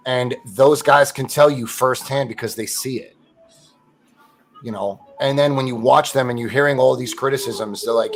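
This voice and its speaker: Guy on a sports podcast, mid pitch, pushy and emphatic, making his point. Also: normal speed, creaky, a bit bright. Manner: emphatic, persuasive. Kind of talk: casual sports chat.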